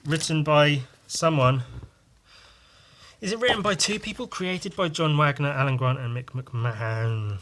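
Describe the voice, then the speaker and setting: Fairly high-pitched and fairly bright, this man's voice moves a little slowly over a little hiss or hum. He's a podcast host drawing on stream, rambling chattily, cursing casually, and laughing at his own tales.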